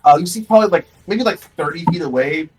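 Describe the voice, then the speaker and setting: A man's voice: on the high side, lively intonation, fast, a little mellow, soft background music, rough recording. A man narrating as game master for a tabletop role-playing game, describing scenes loosely with many fillers.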